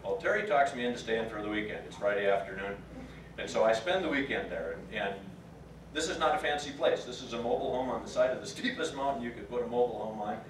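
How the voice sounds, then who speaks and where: A man's voice: mid-range voice, quick pace, a little hiss or hum. A plain-spoken man in his fifties tells a story to a reunion crowd in a folksy way. His voice sits in a middle register and echoes around a large room, picked up from some distance. Faint room ambience hums underneath. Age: 50s. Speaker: reunion speaker. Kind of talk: storytelling speech to an audience.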